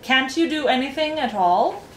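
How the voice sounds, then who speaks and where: A woman's voice: high-pitched, expressive, slight background noise, pitched above the performer's own voice. A woman voicing an impatient, pompous male king who bellows commands. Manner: loud, commanding, drawn-out lines. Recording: roomy echo, faint ambience.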